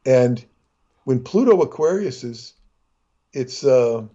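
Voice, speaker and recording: A husky-voiced man rambles through a casual chat, restarting his sentences and slipping into character voices. His voice comes through dull, lo-fi call audio. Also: medium pitch, animated, slow pace, warm tone. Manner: rambling, full of fillers and restarts, acts out voices.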